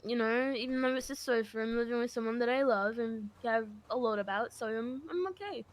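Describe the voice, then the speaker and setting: A young woman chatting casually in a roleplay game, teasing and quick to giggle. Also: fairly high pitch. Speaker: roleplay player. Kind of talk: casual in-character roleplay chat.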